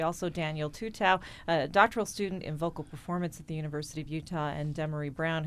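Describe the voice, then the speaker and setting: A woman hosting a live radio talk show, asking guests questions in a brisk, conversational way. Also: low-pitched.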